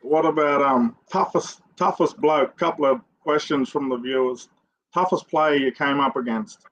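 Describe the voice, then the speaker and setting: A man's voice: on the high side, moderate pace, a bit bright, rough recording. An Australian man hosting a podcast, asking questions in an easygoing, chatty way. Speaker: podcast host. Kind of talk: casual interview chat.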